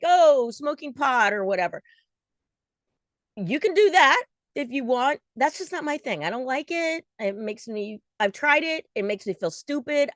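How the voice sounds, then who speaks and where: A woman in her forties chats through a casual vlog, her high-sitting voice caught in a dry, studio-quality recording. She's restless and self-deprecating, talking in jittery bursts crammed with fillers.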